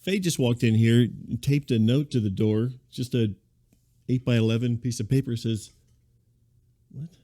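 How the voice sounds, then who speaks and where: A man's voice: medium pitch, moderate pace, warm tone. A man hosting a podcast, delivering a scripted comedic monologue full of wry, incredulous digressions. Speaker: podcast host.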